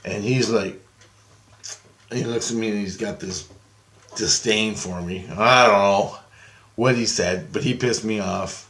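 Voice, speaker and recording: A man telling a dream story in a casual vlog, animated, swearing heavily and acting out what people said. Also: on the low side, measured pace, long pauses. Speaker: vlogger.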